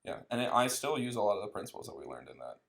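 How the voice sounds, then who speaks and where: A man's voice: lowish voice, very animated, rapid-fire, creaky, a bit bright. A young man with a Southern US accent hosting a podcast, chatting and teasing his guest into a podcast mic. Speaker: podcast host. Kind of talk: casual chat. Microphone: podcast microphone.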